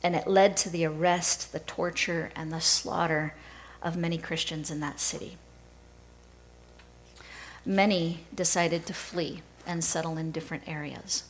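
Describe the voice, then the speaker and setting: A woman pastor preaching a sermon in a measured storytelling way. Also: low voice, fairly even intonation, slight background noise, low-quality recording.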